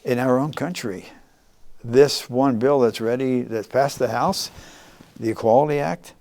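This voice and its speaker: An older man, a former congressman, speaking earnestly as an interview guest, with many halting restarts. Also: mid-range voice, a little mellow.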